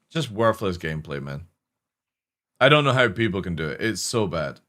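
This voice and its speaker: A man ranting on a game stream, his pitch swinging widely as he complains. He swears freely and sounds fed up, in a loose, casual way of talking. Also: moderate pace. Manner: animated, swearing often, exasperated. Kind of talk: profane casual rant while streaming.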